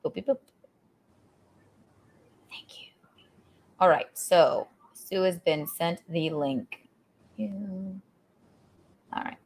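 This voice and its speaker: A woman hosting a livestream show, telling stories in a lively, chatty way and laughing often. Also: sits low, slow pace, long pauses. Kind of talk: casual chat.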